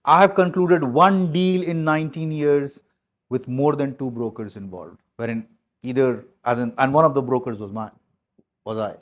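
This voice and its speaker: A man coaching his sales team in a motivational talk. His delivery is blunt and emphatic, with key phrases hammered home again and again. His voice sits at a mid pitch, and his speech mixes mild swearing with plain advice. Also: normal speed.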